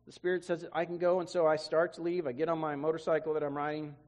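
A man preacher tells an emotional testimony and often repeats words as he speaks. His voice is somewhat high for a man. A long reverb from a big hall hangs behind him. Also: completely flat delivery, quick pace, darkish tone. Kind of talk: sermon testimony.

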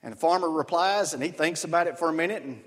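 A man's voice: on the high side, fast talker. A man preaching a sermon as pastor, earnest and conversational, telling stories. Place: church. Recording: long reverb of a church hall.

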